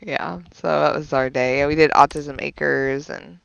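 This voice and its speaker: A woman, a streamer and mother, chatting casually with friends during a game stream, telling animated stories with frequent laughter and swearing. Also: low-pitched, a little slow, vocal fry, clean tone, no room sound, dull audio.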